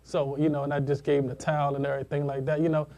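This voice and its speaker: A man's voice: a little high, flat delivery, rapid-fire, warm tone. A man hosting an internet radio show, talking in a laid-back, slangy, rambling way with lots of fillers. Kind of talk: casual talk show chat.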